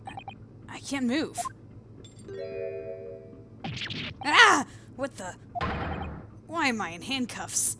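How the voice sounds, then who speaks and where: A woman's voice: mid-range voice, expressive, takes it slowly, noisy background. A woman voicing a bewildered, anxious young male lawyer. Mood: confused.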